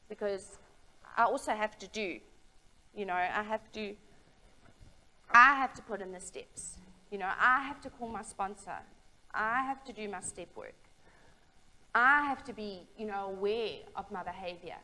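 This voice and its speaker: A young woman giving a candid, halting personal testimony about her recovery, with frequent fillers and restarts. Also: mid-range voice, sharp tone, low-quality recording. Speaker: speaker sharing a recovery story.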